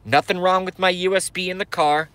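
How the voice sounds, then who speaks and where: Profane ranting man, bright voice. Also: sits high, steady tone, brisk, smooth, dry recording. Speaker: host. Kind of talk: live rant. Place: in his car.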